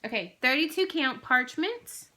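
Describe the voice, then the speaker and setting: Chatty woman with a bright voice. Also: high-pitched, expressive, unhurried. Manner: rambling, chatty, lots of fillers. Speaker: flosstube vlogger. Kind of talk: casual chatty haul video.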